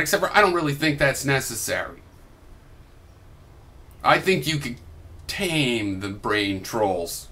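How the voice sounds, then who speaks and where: Young guy ranting on a vlog, sarcastic and sweary, kinda high bright voice. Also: moderate pace, pauses often. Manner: combative, profane, sarcastic ranting. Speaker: video blogger. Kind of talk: heated reply vlog.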